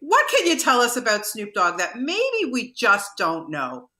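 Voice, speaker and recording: A woman's voice: on the high side, wildly swooping pitch, unhurried, sharp tone. A woman hosting an online interview, enthusiastic and chatty with many fillers. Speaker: interview host. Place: Canada. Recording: roomy echo.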